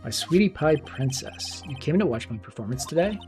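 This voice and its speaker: A man's voice: fairly high pitch, very animated, a little mellow, soft background music. A man doing a flamboyant showman magician. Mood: grandiose. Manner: showy, drawn-out, affected. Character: flamboyant young male stage magician, theatrical.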